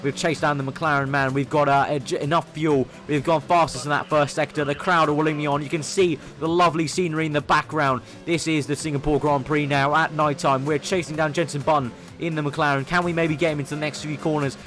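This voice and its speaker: A young man giving eager play-by-play commentary over his own racing game, getting excitable when he overtakes. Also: fairly high pitch, brisk, hardly any pauses, faint music behind. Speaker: gaming commentator.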